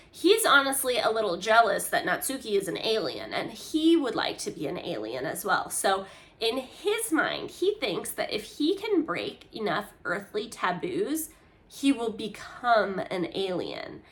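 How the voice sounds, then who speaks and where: A woman's voice: mid-range voice, a little slow. Chatty woman recapping a book. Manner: chatty, many fillers, animated asides. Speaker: book channel host.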